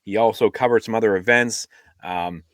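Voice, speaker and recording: A man's voice: lowish voice, moderate pace, no room sound, studio quality. A man co-hosting a podcast in casual chat, rambling with many fillers and restarts. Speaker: podcast co-host.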